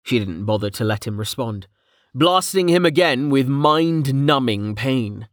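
A man narrating a story in a steady, even storytelling manner. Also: mid-range voice, a little slow, no echo, clean studio sound. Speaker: audiobook narrator. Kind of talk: scripted narration.

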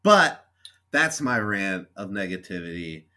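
A man's voice: low-pitched, moderate pace, a bit bright. A young man co-hosting a podcast, venting in a frustrated, sweary, sarcastically apologetic rant. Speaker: podcast co-host. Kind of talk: casual chat.

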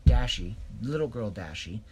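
A man telling an improvised story, hesitant, pausing and correcting himself. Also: on the low side, animated, a little mellow, slight background noise.

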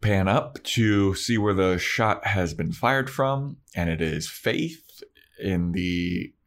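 A man's voice: deep voice, takes it slowly. A man co-hosting a casual chat, retelling a story in a laid-back, rambling way. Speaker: podcast co-host.

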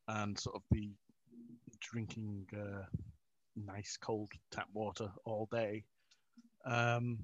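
A man's voice: fairly low pitch, no room sound. Chuckling man, self-mocking, dull recording. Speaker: interview guest. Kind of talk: casual chat.

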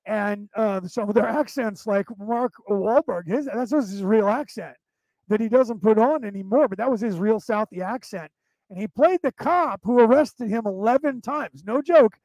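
A man from central California with a Southern drawl and Boston touches, hosting a podcast in fast, rambling casual talk full of fillers. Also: high-pitched, a little mellow, dry recording, low-quality recording. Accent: American with Southern drawl and Boston touches. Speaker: podcast host.

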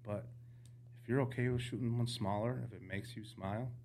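On a podcast, a male guest casually spins hunting stories, acting out the dialogue with animated energy. His voice sits on the low side and moves fairly quickly, with a little hiss or hum in the background.

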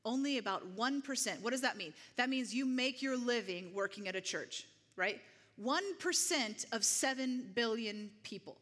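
A woman's voice: on the high side, lively intonation, normal speed, fairly bright tone. A woman preaching a conversational sermon to a congregation, often checking in with "right?". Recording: long hall reverb.

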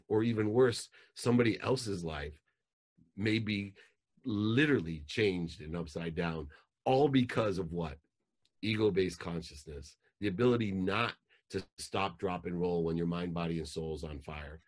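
A man's voice: low-pitched, lively intonation, moderate pace. A man in his forties, a life coach telling a motivational story in an intense, emphatic way.

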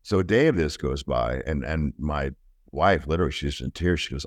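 Man, middle-aged, extremely deep voice, earnest, halting restarts, interview guest. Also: expressive, no room sound, clean studio sound. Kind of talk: personal storytelling in conversation.

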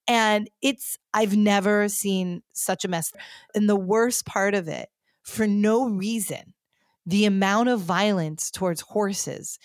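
Woman, podcast host, animated rant, casual chat, mid pitch, dry sound. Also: no echo. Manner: animated ranting, lots of "like" fillers.

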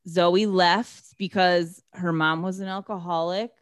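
A woman's voice: on the low side, fairly even intonation, measured pace, clear, resonant tone, no echo. Woman podcast co-host, sarcastic, swearing, dry close sound. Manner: sarcastic, swears, acts out characters' lines. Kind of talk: casual chat recapping a movie.

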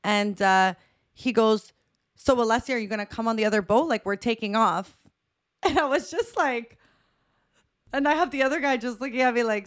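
A woman's voice: a little high, moderate pace, long pauses. A young woman co-hosting a podcast, telling a story in casual chat and acting out the quoted voices, often laughing. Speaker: podcast co-host.

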